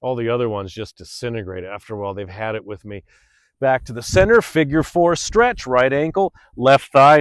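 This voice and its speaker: An upbeat middle-aged man coaches a stretching routine in an easy, chatty way, sighing as he moves. His voice sits in a middle range. The sound is close and dry, with no room echo. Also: mid-range voice. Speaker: fitness instructor. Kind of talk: guided stretching class. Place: outdoors under open sky.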